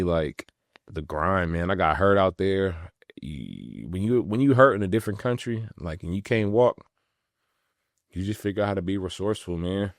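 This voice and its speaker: A young man from California, a podcast host and former pro athlete, telling stories in relaxed slangy talk with frequent laughs. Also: low voice, no echo, studio quality. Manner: laid-back slangy talk, laughs often. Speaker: podcast host, retired pro basketball player. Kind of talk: casual storytelling.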